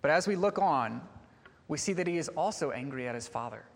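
With a gravelly, high voice, a preacher moves briskly and animatedly through an earnest, questioning sermon. His words ring out with long reverb across a church sanctuary.

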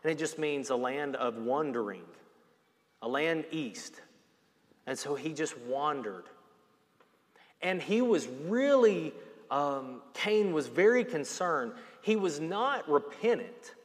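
A man's voice: fairly high pitch, animated, slow, long reverb tail. A man preaching a sermon in an earnest voice that swells and drops in intensity. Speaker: pastor.

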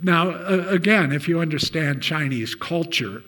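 An older man delivers a sermon at an unhurried pace. His voice sits a little high and rings bright. He tells stories and belts out the lines of the people in them. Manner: storytelling, shouts out acted quotes. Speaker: preacher.

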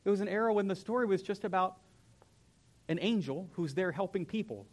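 A young man, a pastor, preaching a sermon in a church in an animated, conversational way. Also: high-pitched, fairly quick. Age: young adult. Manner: animated, conversational, acts out whiny voices. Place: church sanctuary.

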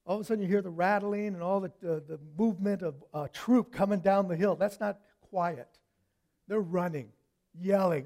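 A man preaching a sermon, telling stories with lively swings from loud to hushed. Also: sits high, fairly quick.

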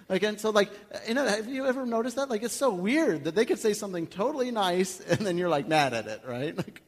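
A male pastor preaching a sermon in a conversational, animated way, acting out little everyday scenes. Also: high voice, normal speed, hardly any pauses. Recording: long hall reverb.

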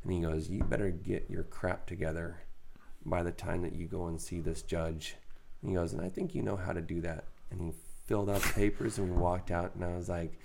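A man's voice: low voice, brisk, gravelly, background noise. A man co-hosting a faith podcast, telling a candid, self-deprecating personal story in casual conversation. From raised in a Mennonite Brethren community. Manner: candid, self-deprecating, animated when quoting others. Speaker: podcast co-host.

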